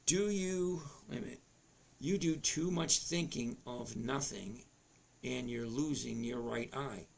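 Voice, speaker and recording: A gravelly, cracking, mid-range voice belongs to a trading educator in his fifties who moves a little slowly through a live lesson. Chatty and prone to interrupting himself, he reads viewers' comments out loud.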